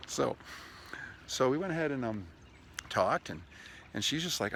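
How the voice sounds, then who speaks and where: A man with a slightly low, gravelly voice talks eagerly to his camera outdoors beside a lake. He rambles through stories in a casual, upbeat way. Faint outdoor ambience sits under his voice. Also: expressive, a little fast, fairly bright tone, a little hiss or hum. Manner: chatty, enthusiastic, talks to his dog mid-video. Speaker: vlogger giving sales tips. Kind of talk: casual outdoor vlog monologue. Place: outdoors by a lakeshore with lapping waves.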